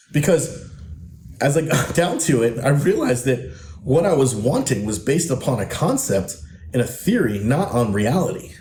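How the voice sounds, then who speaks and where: A man's voice: on the high side, darkish tone. Blunt, profane male podcast host. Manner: blunt, profane, emphatic, preachy. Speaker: podcast host and men's coach. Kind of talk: podcast monologue. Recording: echoey room, faint noise.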